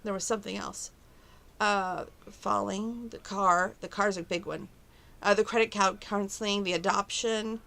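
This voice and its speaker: A woman's voice: mid-range voice, fairly even intonation, measured pace, gravelly, a bit bright. A woman chatting to camera from her bedroom at home, rambling and opinionated about relationships and her plans. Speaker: vlogger. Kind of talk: casual chat to camera.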